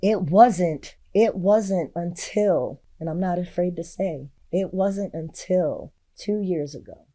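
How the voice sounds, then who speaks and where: A woman's voice: lowish voice, slow, few pauses, mellow. A middle-aged woman, a state representative, telling her personal story in an interview, earnest and heartfelt, with many "you know" fillers. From Texas.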